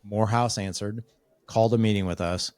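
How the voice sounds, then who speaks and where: A man's voice: lowish voice, a little fast, dry recording. A man talking as a podcast guest, telling a story casually and acting out the lines of people in it. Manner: animated storyteller acting out quoted dialogue.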